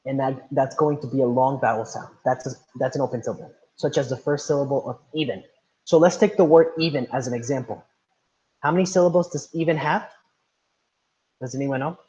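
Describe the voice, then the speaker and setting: A man's voice: medium pitch, a little fast, warm tone, lo-fi sound. A man teaching an online class, patient, often checking understanding with "right?". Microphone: video call.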